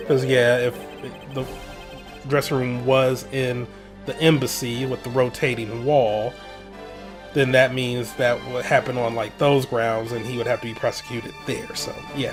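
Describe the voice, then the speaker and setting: A man's voice: mid-range voice, flat delivery, measured pace, soft background music. A man giving laid-back, slangy commentary while playing through a game. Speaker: let's play host. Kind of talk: casual gameplay commentary.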